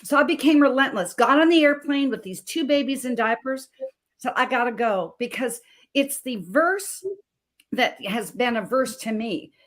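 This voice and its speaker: A woman's voice: high-pitched, normal speed, fairly bright tone. A woman in her thirties from Montana, a health coach telling her story as a guest with passion and emphatic repetition. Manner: passionate, emphatic, repeats phrases. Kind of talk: emotional personal story on a talk show.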